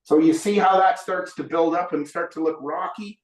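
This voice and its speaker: A man's voice: a little high, moderate pace. Chatty man teaching painting, roomy sound. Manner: chatty, self-teasing, explains while painting. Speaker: painting instructor. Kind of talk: live painting lesson demonstration. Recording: roomy echo.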